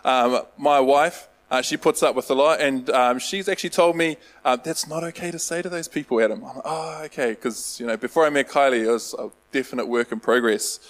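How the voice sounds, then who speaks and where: A man's voice: medium pitch, rough recording. A man preaching a casual sermon, rambling and self-deprecating, with lots of fillers. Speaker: pastor.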